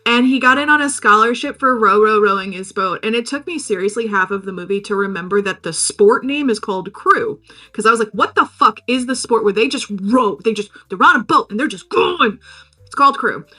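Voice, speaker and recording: A woman's voice: a little high, bright, forceful tone. A young woman co-hosting a podcast, recapping a movie in a rambling, jokey way with lots of "like" and "um". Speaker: podcast co-host. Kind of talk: casual chat.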